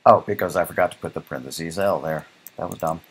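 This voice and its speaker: Low husky guy teaching code live, keeps saying right?, laid back. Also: quick pace. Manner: casual, thinks aloud, keeps asking "right?". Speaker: programming instructor. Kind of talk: live-coding lecture.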